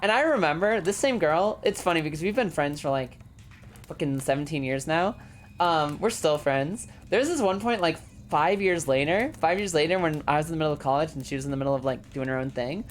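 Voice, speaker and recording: A woman's voice: sits low, fairly quick, slight background noise. A woman in her thirties streaming a game, chatting loosely, swearing freely and laughing through her stories. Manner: loud, crude, swears a lot, laughs often. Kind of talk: casual game commentary and storytelling.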